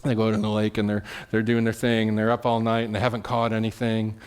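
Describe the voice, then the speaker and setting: A pastor giving a sermon, retelling a story in a casual, conversational way and often checking in with "right?". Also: male voice, monotone, fast talker, clean tone. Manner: drops soft and low at solemn moments.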